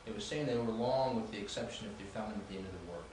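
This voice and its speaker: A man's voice: on the low side, very fast. Male student, hesitant question, far from the mic, noisy reverberant room. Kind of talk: classroom question. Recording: echoey classroom, voice far from mic, noise.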